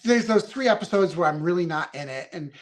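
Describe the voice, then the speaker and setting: A man's voice: sits high, expressive, a little fast. A man in his fifties, a reality show contestant, telling his story in a casual podcast interview, rambling and heartfelt with lots of fillers. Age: 50s.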